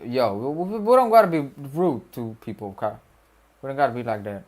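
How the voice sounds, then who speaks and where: A man's voice: mid-range voice, big pitch swings, fairly quick, a little mellow. A young man, a student streamer, chatting casually with his viewers, rambling, repeating himself and joking in slang. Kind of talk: casual livestream chat with viewers.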